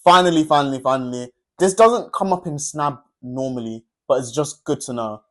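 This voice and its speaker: A man's voice: mid-range voice, expressive, normal speed. A young man teaching a revision lesson over slides, upbeat and chatty, often checking in with "yeah?". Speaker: tutor.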